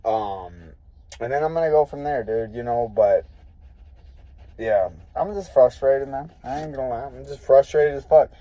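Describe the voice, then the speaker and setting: A man's voice: mid-range voice, moderate pace, dark tone, no room sound, poor audio. A young man ranting casually to his viewers, profane and rambling, frustrated and full of fillers. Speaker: vlogger. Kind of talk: casual rant to camera.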